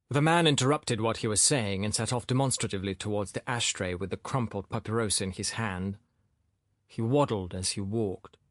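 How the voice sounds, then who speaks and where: A man reading a novel aloud as an audiobook narrator, in expressive, measured storytelling. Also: fairly low pitch, dry recording, clean studio sound. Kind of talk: scripted narration.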